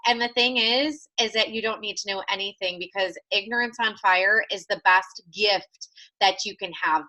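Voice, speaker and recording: An enthusiastic woman giving a sales training talk, animated and acting out little quoted scenes. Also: medium pitch, poor audio. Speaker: business trainer.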